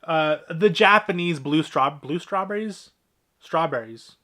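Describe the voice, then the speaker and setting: A man's voice: on the high side, a little slow, pushed and bright. A man casually walking through his movie collection, talking in a rambling, offhand way with lots of fillers and the odd swear.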